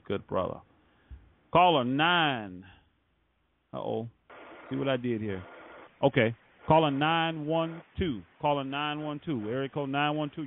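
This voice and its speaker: A man's voice: medium pitch, vocal fry. A man hosting a religious call-in radio show, blessing callers with fervent praise. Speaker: radio ministry host. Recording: phone-like call-in radio audio.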